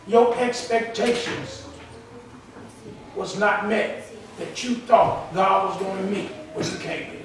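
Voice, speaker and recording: A man's voice: high-pitched, steady tone, takes it slowly, long pauses, noisy background. A man preaching a sermon with call-and-response, emphatic and colloquial, heard in a church hall. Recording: roomy echo, from far off the mic.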